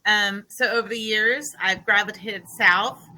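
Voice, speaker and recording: A woman's voice: medium pitch, fairly even intonation, unhurried, sharp tone, slight background noise, poor audio. A woman raised in the Midwest with a Southern accent, introducing herself as a client relations manager in a bubbly, sunny way over a video call. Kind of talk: casual self-introduction.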